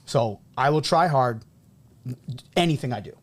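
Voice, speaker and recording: Animated man telling stories, podcast host. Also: medium pitch, measured pace. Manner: animated storyteller, acts out quoted people. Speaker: podcast host and high school coach. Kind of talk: casual podcast conversation.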